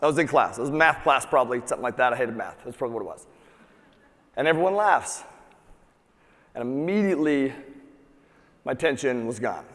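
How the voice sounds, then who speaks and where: A man giving a live motivational talk to an audience, energetic and profane, having the crowd repeat key words back to him. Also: medium pitch, a little fast, long pauses. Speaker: motivational speaker. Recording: long hall reverb.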